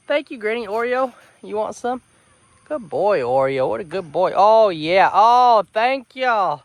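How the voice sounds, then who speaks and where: A man's voice: sits high, big pitch swings, a little slow. A man, vlogging outdoors on his farm and cooing affectionately at his animals by a fence. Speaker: homesteader vlogger. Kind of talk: casual vlog talk to camera.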